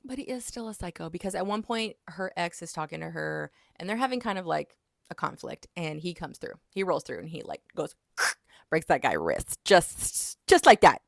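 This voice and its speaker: A woman chatting casually as she reviews a book, retelling it in an animated way with lots of "like". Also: lowish voice, fairly quick, vocal fry, no room sound, studio quality.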